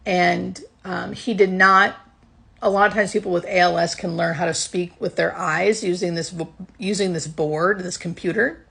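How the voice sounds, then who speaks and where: A woman's voice: fairly low pitch, steady tone, normal speed, creaky, a bit bright, husky. A woman who works as a hospice nurse, earnestly telling a personal work story in a casual way, close to tears.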